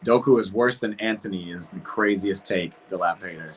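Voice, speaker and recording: A man's voice: low-pitched, moderate pace, slight background noise. A young man hosting a football watch party stream, chatting casually and reacting to the match and his viewers. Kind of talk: casual live reaction chat.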